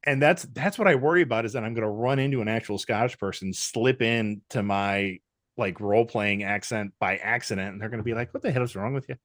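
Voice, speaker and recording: A man in casual podcast chat, telling animated stories and slipping into character voices. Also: lowish voice, brisk, no echo, studio quality. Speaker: podcast guest.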